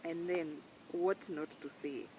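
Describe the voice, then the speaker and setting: A woman's voice: fairly low pitch, steady tone, slow pace. Earnest Kenyan woman, noisy home recording. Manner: earnest, emphatic, mixes in Swahili slang words. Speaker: vlogger. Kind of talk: casual heartfelt talk to camera.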